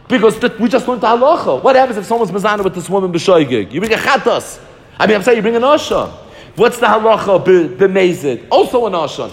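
A man teaching a Talmud class in a lively lecture style, acting out the voices of commentators and repeating words as he builds each argument. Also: high voice. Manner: animated, acts out the voices of commentators. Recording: long reverb in a hall.

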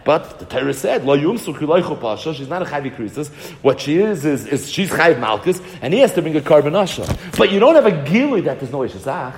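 Animated man teaching Talmud, echoey. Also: fairly high pitch, fast, slight background noise. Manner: animated, argues both sides of a debate, repeats words as he thinks. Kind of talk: Talmud lecture.

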